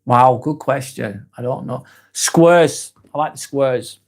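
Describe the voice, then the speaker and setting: A man's voice: medium pitch, takes it slowly. A man in his forties with a Northern English accent, hosting a live stream and reading out chat comments, joking and rambling with frequent restarts. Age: 40s.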